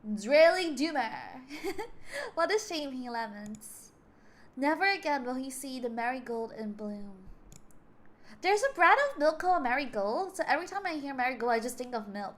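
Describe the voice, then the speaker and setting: High-voiced young woman streamer. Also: normal speed. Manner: stumbles over words and laughs often; animated storytelling. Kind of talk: reading game dialogue aloud and chatting.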